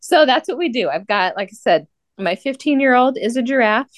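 A woman in her forties from Utah, a podcast guest telling stories in an animated, emphatic, playful way. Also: fairly high pitch, brisk, no echo, studio quality. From Salt Lake City, Utah. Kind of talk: casual storytelling chat.

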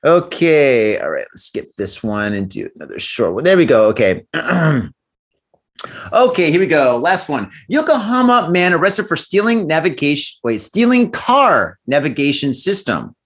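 Lively-pitched joking man co-host. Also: a little slow, slightly rough. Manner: jokey, laughs often, puts on silly voices. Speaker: podcast co-host. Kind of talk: casual chat, reading news aloud.

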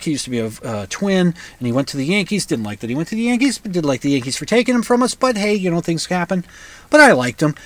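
A man's voice: on the high side, a bit bright, no room sound. A man hosting a podcast, talking in a rambling, opinionated monologue with frequent restarts. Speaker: podcast host. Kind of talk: casual monologue.

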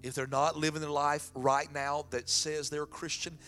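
A man's voice: a little high, level tone, normal speed. A man preaching a sermon in a folksy way and then praying aloud. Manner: folksy preaching, shifts into loud prayer. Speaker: pastor.

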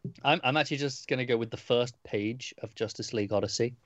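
A man co-hosting a casual podcast chat, talking in a relaxed way with stumbling restarts. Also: medium pitch, fast, no echo, lo-fi sound. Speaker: podcast co-host.

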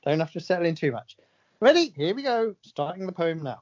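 A man's voice: high voice, big pitch swings, fairly quick, a little mellow. A man co-hosting a casual podcast, teasing and cheeky with dry banter. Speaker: podcast co-host. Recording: dull lo-fi recording.

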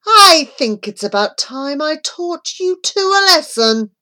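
A woman's voice: high-pitched, sing-song, slow, pushed and bright, voice pushed up, exaggerated voice. A woman barking as an angry threatening landowner.

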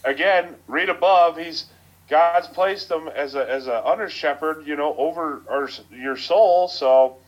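A man's voice: fairly high pitch, measured pace, highs cut off. A man co-hosting a podcast, talking earnestly and plainly in casual chat.

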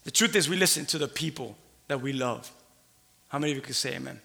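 A man in his thirties preaching a sermon, leading the congregation in call-and-response, swinging between shouted lines and hushed asides. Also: medium pitch, fast, creaky. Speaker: pastor. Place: church sanctuary. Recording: long hall reverb.

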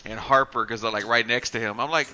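A man's voice: fairly even intonation, quick pace, pushed and bright, poor audio. A man recapping a horror movie in casual chat, rambling and swearing, acting out quotes. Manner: rambling, profane, acts out quotes with rising pitch.

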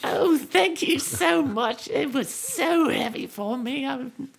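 A frail old half-elf lady with a heavily creaking, gravelly voice. She speaks slowly and sweetly, her high voice swooping up and down. She is a tabletop game character. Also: expressive, exaggerated voice. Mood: kindly. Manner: sweet, slow and grateful. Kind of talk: tabletop role-play.

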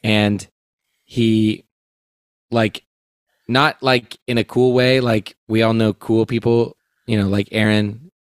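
A man co-hosting a podcast, telling a story in casual chat, halting and full of fillers. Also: on the low side, level tone, smooth, dry recording. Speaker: podcast co-host.

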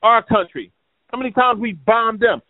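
A man's voice: very high-pitched, moderate pace. A man hosting a show, ranting in a combative, profane, rambling way. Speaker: show host. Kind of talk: ranting commentary. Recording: tinny phone-like, dry sound.

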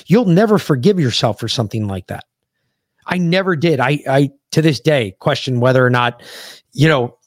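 A man's voice: fairly high pitch, no echo, clean studio sound. A man from the United States, a podcast host, bluntly and profanely retelling a combat story in casual conversation.

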